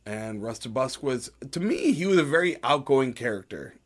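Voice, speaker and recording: A young man co-hosts a podcast, chatting casually at normal speed in a medium-pitched, very animated voice. He swears a lot and keeps interrupting himself.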